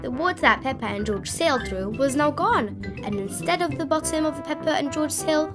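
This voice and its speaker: A woman narrating a children's storybook aloud in an expressive, sing-song way. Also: high voice, a little fast. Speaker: storybook reader. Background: background music.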